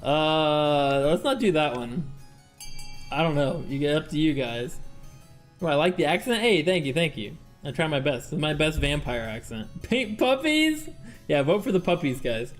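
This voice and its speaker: A streamer chatting casually with viewers during a game, laughing often and reading game text aloud. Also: medium pitch. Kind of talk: casual live-stream gameplay chat.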